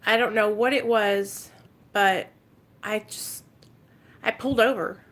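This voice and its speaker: A woman's voice: mid-range voice, fairly even intonation, slow, a bit bright. A woman from Arkansas telling an emotional story on her recovery vlog and talking straight to her viewers. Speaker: recovery vlogger.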